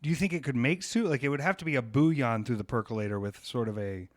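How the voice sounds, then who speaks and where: A man's voice: mid-range voice, quick pace, dry recording, studio quality. A man hosting a podcast, talking in a rambling, jokey, riffing way. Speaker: podcast host. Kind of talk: casual chat.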